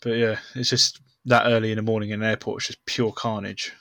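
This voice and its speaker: A man's voice: on the low side, flat delivery, a little fast, creaky, fairly bright tone, dry recording. A young man, a podcast co-host, telling swearing, self-mocking stories in casual chat. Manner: swearing storyteller, laughs at himself.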